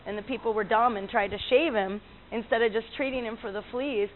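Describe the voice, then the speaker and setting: A woman voicing a male veterinarian who speaks deadpan, heard over a tinny, lo-fi line. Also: fairly high pitch, fairly quick, lightly acted. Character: dry, unflappable male veterinarian. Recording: tinny lo-fi line with faint noise.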